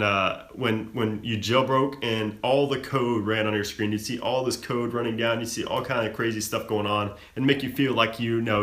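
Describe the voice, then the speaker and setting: A young man hosting a live stream, casually reading and answering viewer questions with a relaxed, chatty manner and plenty of fillers. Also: lowish voice, echoey room. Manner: relaxed, chatty, frequent fillers and self-laughs.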